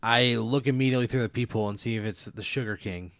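Exasperated man co-host, low grumbles, curses, dry close sound. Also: fast, fairly bright tone, no echo. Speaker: podcast co-host. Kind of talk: casual chat.

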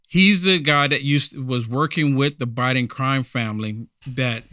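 Bright, emphatic male commentary host. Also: mid-range voice, unhurried, no room sound, clean studio sound. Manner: emphatic, repeats lines and asks rhetorical questions. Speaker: host of a political commentary show. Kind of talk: opinionated commentary.

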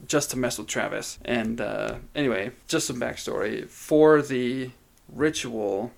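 A man co-hosting a podcast, talking casually and retelling moments he loved. His voice has a gravelly, creaky edge, and his pitch sits in the middle. He tells stories in a loose, chatty way and leans on "like". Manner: chatty storyteller, says "like" often. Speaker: podcast co-host. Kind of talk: casual chat.

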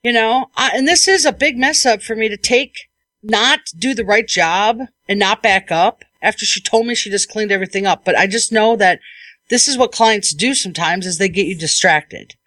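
A woman hosting a podcast as an IT technician, telling a work story in a lively, casual way and acting out what people said. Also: mid-range voice, moderate pace, no room sound.

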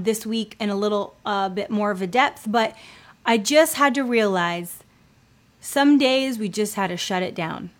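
A woman in her thirties with a somewhat high voice speaks earnestly to other parents. She talks in a loose, conversational way, using plenty of fillers and leaning hard on key words. The tone is that of a heartfelt faith-based advice chat. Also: a bit bright. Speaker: homeschooling mother sharing advice.

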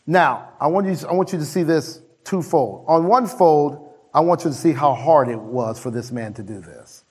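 A man preaching a sermon as pastor, emphatic, slowing down on key phrases and swinging high for emphasis. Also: breathy edge.

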